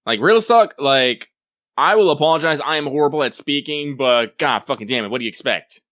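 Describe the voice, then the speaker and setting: Animated podcast guy in his late twenties. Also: medium pitch, a little fast, no echo, clean studio sound. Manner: animated, heavy use of "like", jokey. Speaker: podcast co-host reading listener mail. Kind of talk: casual gaming podcast chat.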